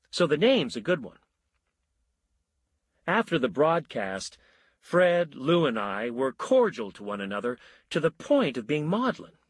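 A middle-aged man reading a short story aloud in a measured, wry storytelling manner. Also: mid-range voice, slightly rough, no room sound. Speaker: narrator. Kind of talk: audiobook narration of a short story.

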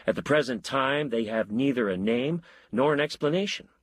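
A man's voice: medium pitch, normal speed, slightly rough, dry recording, studio quality, natural voice. A man voicing a glum, matter-of-fact scientist. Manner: plain, matter-of-fact, depressed. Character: baffled scientist friend, adult man, glum.

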